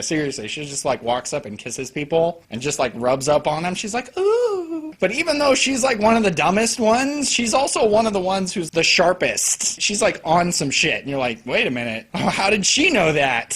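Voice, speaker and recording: A young man giving a casual, profane and sarcastic anime review, now and then bursting loud as he mimics characters. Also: on the high side.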